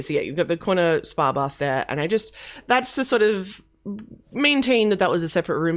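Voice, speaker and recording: A woman giving chatty, casual commentary while touring a house she built in a video game. She laughs easily and often corrects herself mid-sentence. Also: deep voice. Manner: chatty, giggly, self-correcting. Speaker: video game creator showing a house build.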